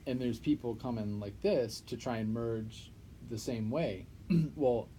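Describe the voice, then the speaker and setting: A young man co-hosting a podcast, chatting casually and telling stories with lots of swearing and loud acted-out quotes. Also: medium pitch, measured pace, slight background noise, rough recording. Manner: animated storyteller, swears freely, acts out quotes loudly. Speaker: podcast co-host. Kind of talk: casual chat.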